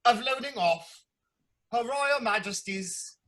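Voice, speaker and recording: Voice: medium pitch, animated, slow pace, pushed and bright. An improviser doing a pompous British ship captain. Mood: huffy. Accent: put-on British. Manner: huffy, formal. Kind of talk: improv comedy over video call.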